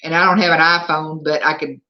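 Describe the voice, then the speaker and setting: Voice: mid-range voice, level tone, fairly quick. A livestream host with a Southern US accent, chatting casually at home and answering viewer comments aloud. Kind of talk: casual live chat. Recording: slightly dull lo-fi sound.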